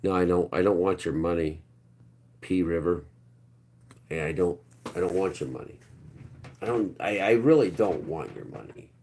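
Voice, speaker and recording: A man in his fifties hosting a livestream, rambling to viewers in the chat and trailing off into low mutters. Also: lively intonation, normal speed, pauses often, a little mellow. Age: 50s. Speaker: livestream host.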